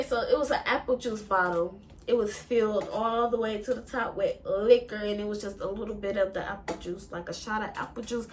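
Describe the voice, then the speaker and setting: A young woman speaks slowly and haltingly, her slightly high voice close to breaking as she fights back tears. She fills her story with fillers and casual swearing. Faint room ambience sits behind her. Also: a little hiss or hum. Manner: halting, with many fillers and profanity. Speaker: vlogger. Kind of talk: emotional storytime.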